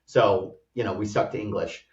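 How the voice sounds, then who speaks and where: A man's voice: on the low side, normal speed. American man, casual guest storytelling, lots of fillers, roomy room, muffled sound. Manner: animated, rambling storyteller with many "like" fillers. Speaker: startup co-founder guest. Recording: roomy, distant, dull-sounding audio.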